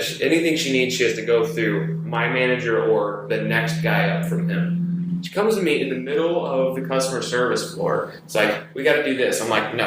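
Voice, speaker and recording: A man co-hosting a podcast, telling an animated story about his workday and mimicking the people in it. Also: noisy background. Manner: animated storyteller, mimics others in high voices. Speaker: podcast co-host. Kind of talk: casual chat, telling a work story. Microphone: phone. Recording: echoey room on a phone.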